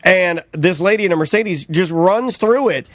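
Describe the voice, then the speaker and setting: Male podcast co-host, heated ranting storyteller, slightly high voice, dry close sound. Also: moderate pace, a bit bright, no room sound. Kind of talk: casual chat.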